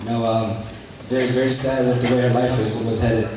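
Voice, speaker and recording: A young man giving a fervent motivational speech to a business group, repeating key phrases and breaking into shouts. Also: mid-range voice, flat delivery, brisk. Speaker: motivational speaker at a business meeting. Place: large indoor hall with a live audience. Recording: very echoey hall, mic far off, crowd.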